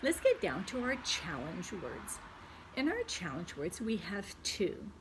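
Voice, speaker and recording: A woman's voice: fairly low pitch, wildly swooping pitch, background noise. Patient woman teaching children spelling. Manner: slow, clear, spells words letter by letter. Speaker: second grade teacher. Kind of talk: recorded spelling lesson for children.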